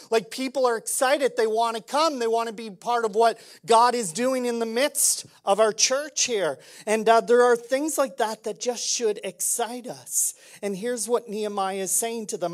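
Lively man preaching a sermon. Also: very high-pitched, normal speed, hardly any pauses. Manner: lively and conversational, swinging between loud emphasis and quiet intensity. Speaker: pastor.

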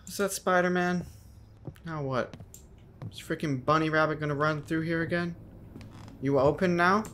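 A man's voice: on the high side, unhurried, long pauses, a bit bright, a little hiss or hum. A young man giving horror game commentary, jumpy and slangy, yelping when startled and talking back to the game. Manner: slangy, keeps saying dude and bro. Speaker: gaming video host.

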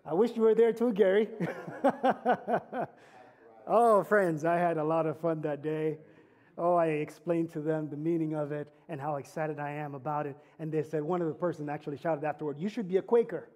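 A man's voice: on the high side, fairly even intonation, brisk, a little mellow. A man, a pastor, preaching a sermon earnestly, building to emphatic climaxes and telling stories with light humor. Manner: conversational storytelling with humor.

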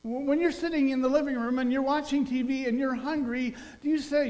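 A man giving a sermon as senior minister, preaching emphatically and dropping soft near the close. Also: very high voice, steady tone, brisk, few pauses. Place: church sanctuary. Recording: long church hall reverb with mains hum.

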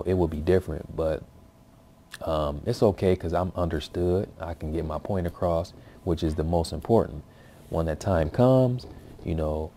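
A man's voice: low voice, warm tone, a little hiss or hum. A man giving casual, rambling commentary on his language practice, full of fillers and restarts. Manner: loose, rambling, filler-heavy with many restarts. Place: at home, with his baby nearby.

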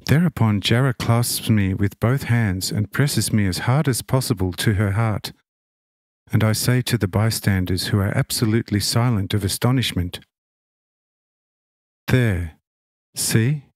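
A man reading a religious text as an audiobook narrator, solemn and measured. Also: on the low side, dry recording.

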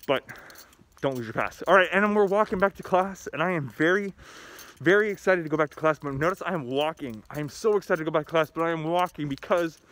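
A man's voice: fairly high pitch, fast, a bit bright. A man who is a school principal, talking upbeat and enthusiastic in a video message to students and telling corny jokes.

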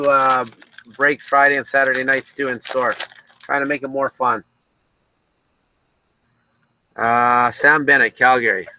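A man's voice: mid-range voice, sharp tone, slight background noise, rough recording. A man hosting a casual card break from a card shop, chatting with viewers by name as he calls out each card.

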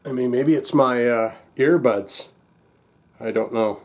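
A man's voice: medium pitch, slow, darkish tone. A man hosting a casual reaction vlog, agitated and exasperated, rambling with lots of restarts and swearing. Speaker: music reaction channel host.

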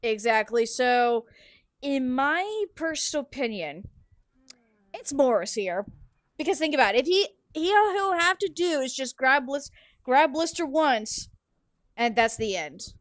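Picture a young woman streamer with a bright, high voice, giggling and rambling as she plays and answers viewer questions. She is close on a desk mic in a dry, deadened room, and every word sits right up front. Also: lively intonation, unhurried, no room sound. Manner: giggly, chatty, yawning between sentences. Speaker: streamer and game host. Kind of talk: casual livestream chat while playing.

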